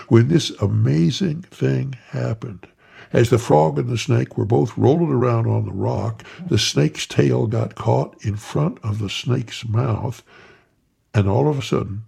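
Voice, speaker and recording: A man telling a folksy tale in an unhurried way, talking straight to his listeners, with a gravelly, husky voice. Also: mid-range voice, a little mellow. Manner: unhurried, addressing listeners by name. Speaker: storyteller. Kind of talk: folksy spoken storytelling.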